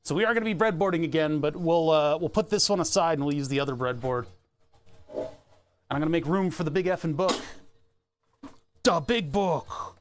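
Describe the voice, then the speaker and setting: A man's voice: on the high side, fast talker. A man casually rambling and joking on a stream from his home workbench, sardonic and full of restarts. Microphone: desk webcam setup.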